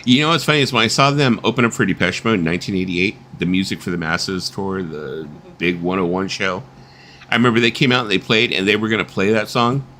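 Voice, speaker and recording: A man's voice: deep voice, quick pace, a bit bright, slight background noise. A middle-aged man hosting a casual live-stream chat, swearing freely, laughing often and slipping into voices when he tells stories. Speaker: host.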